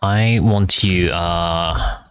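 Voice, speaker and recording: A man reading aloud for practice, halting and hesitant, repeating words as he sounds them out. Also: deep voice, steady tone, clean tone, dry recording. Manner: frequent filler hesitations. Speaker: language learner reading aloud. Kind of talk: reading practice with pronunciation drills.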